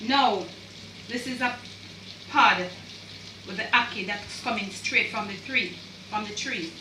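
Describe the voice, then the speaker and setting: A woman's voice: mid-range voice, a little slow, bright, forceful tone, a little hiss or hum. A Jamaican woman doing a casual cooking demonstration in her home kitchen, chatty and repetitive, with creole words mixed in. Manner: chatty, repeats phrases, mixes in Jamaican creole. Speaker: home cook. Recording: echoey kitchen, far from mic, sizzling pan. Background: frying and sizzling.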